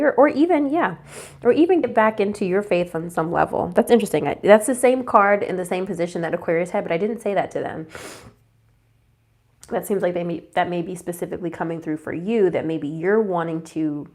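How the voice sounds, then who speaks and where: A young woman with a slightly low voice gives a laid-back tarot reading. She sounds congested and stuffy, chatting loosely, trailing off and restarting her sentences. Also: darkish tone. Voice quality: casual, chatty with fillers and self-corrections. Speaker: tarot reader. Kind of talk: casual tarot forecast.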